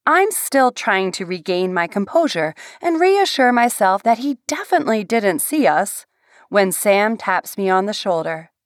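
A woman narrating a first-person novel aloud in an expressive storytelling manner. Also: mid-range voice, unhurried, dry recording, studio quality.

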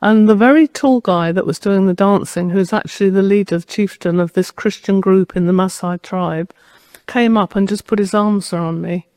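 A woman preaching a sermon at a medium pitch, sharing a personal story as if talking to friends. Her voice is close and dry, with almost no room sound. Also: moderate pace, darkish tone, dry recording. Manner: personal storytelling, conversational and direct.

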